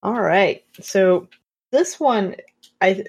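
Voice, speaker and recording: A woman co-hosting a casual podcast, reacting in a relaxed, quick way. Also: mid-range voice, husky. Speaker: podcast co-host.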